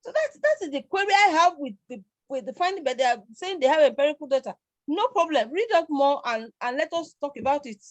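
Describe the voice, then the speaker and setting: A middle-aged Nigerian woman leads a live class with a high, lively voice. She talks emphatically, presses her students with questions and repeats her points. The sound is dry and close. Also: brisk, dry recording. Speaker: lecturer. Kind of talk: live online class discussion.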